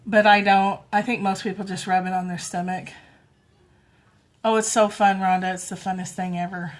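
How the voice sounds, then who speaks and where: A middle-aged woman chatting casually on a phone livestream at home, talking softly and cooing now and then to toddlers. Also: mid-range voice, level tone, normal speed. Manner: chatty, soft, coos to toddlers. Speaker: livestream host.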